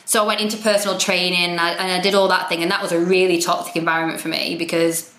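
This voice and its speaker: A woman's voice: lowish voice, level tone, fast talker, a bit bright. A woman, a podcast guest, telling her story candidly, frank and self-deprecating with plenty of swearing. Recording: roomy echo.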